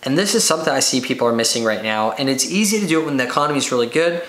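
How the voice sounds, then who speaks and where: A man hosting a business podcast, talking energetically on his own and rattling off quick lists. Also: medium pitch. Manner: energetic, rapid lists, acts out excited buyers. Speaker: podcast host. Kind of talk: solo business podcast talk. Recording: roomy echo.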